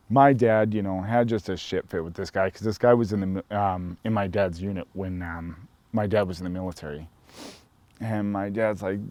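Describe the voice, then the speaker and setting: A man from Montana casually telling a personal story in a relaxed, rambling way, full of "you know" fillers. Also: on the low side, dry recording. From Helena, Montana. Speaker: storyteller sharing his coming-out experience.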